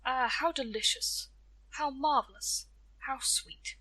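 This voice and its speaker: A woman's voice: a little high, lively intonation, measured pace, pushed and bright, husky, no room sound, heavily acted. A woman storyteller voicing a proud, poor old village woman who sighs with delight and scolds sharply.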